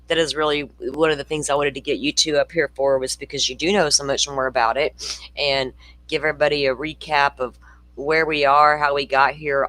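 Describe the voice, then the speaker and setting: A man's voice: on the high side, bright, forceful tone, no echo, low-quality recording. A man hosting a true-crime livestream in loose, rambling casual chat. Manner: loose, rambling, friendly, many fillers. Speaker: livestream host.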